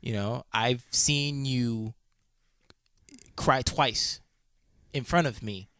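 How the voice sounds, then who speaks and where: A man's voice: medium pitch, drawn-out words, a bit bright, dry recording. A man co-hosting a casual podcast chat, telling stories animatedly, laughing often and swearing casually. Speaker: podcast co-host.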